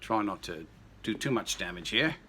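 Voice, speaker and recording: A man's voice: on the low side, lively intonation, moderate pace, very noisy. A man in his sixties chatting casually through a home cocktail demo, rambling into jokey asides and anecdotes. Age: 60s. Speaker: home cooking vlogger. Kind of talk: casual kitchen demo chat.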